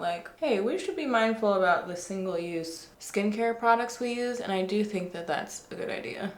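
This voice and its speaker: A woman's voice: medium pitch, a little hiss or hum. Chatty woman vlogging in an echoey room. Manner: playful, giggly, dramatic about pain. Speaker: lifestyle vlogger. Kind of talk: casual chatty vlog. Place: at home.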